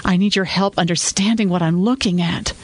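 A man voicing a weary woman attorney, new on the job, speaking softly in a podcast story. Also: high voice, fairly even intonation, a little fast, pitched above the performer's own voice. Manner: soft, tired. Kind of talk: storytelling dialogue.

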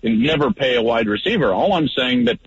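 A man who is a guest on a radio sports talk show, telling a story in a lively, animated way that gets loud at its peak. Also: medium pitch, brisk. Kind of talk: animated storytelling in casual chat. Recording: dull lo-fi radio audio, faint noise.

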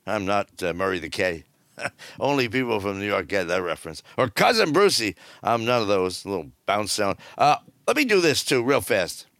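A man's voice: lowish voice, fairly bright tone. An older man hosting a cruise news show, giving blunt, rambling and jokey commentary full of fillers.

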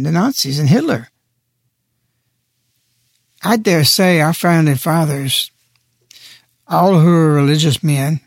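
Forceful preaching man on talk radio. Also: a little high, gravelly, slightly rough, no echo, clean studio sound. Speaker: radio show guest speaker. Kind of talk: impassioned radio commentary.

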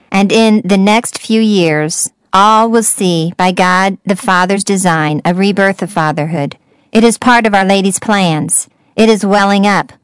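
Woman, smooth clear voice, dry close sound, steady radio read. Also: medium pitch, no echo. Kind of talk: reading a passage aloud on radio.

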